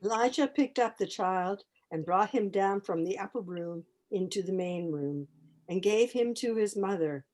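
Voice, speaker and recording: A woman in a study class reads a Bible passage aloud over a video call. Her voice sits at a middle pitch, and she leans into the quoted lines. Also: moderate pace, darkish tone. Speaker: class participant reading verses. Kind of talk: reading scripture aloud.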